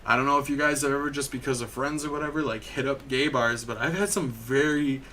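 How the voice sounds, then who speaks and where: Young guy rambling thru a story on a podcast, bright voice, lots of likes, slight hiss behind. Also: medium pitch, quick pace. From Michigan. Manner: rambling storyteller, heavy filler "like", frequent swearing. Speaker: podcast host. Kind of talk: casual chat.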